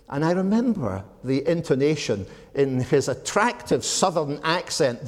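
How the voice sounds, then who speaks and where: A Scottish man in his seventies giving a measured, reflective talk to a church audience, with frequent ums. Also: on the high side, sing-song. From Scotland. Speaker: speaker at a church gathering. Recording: long hall reverb.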